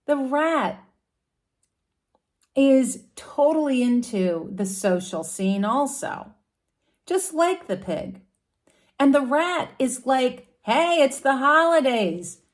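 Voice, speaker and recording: A woman's voice: high voice, sing-song, takes it slowly, pauses often, darkish tone. A woman explaining astrology casually, as a story about animal characters.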